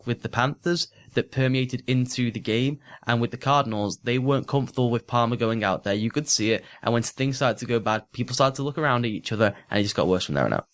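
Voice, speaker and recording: A man's voice: mid-range voice, fast, hardly any pauses. A man co-hosting a sports podcast, breaking down games in fluent, analytical casual chat with frequent restarts. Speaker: podcast co-host.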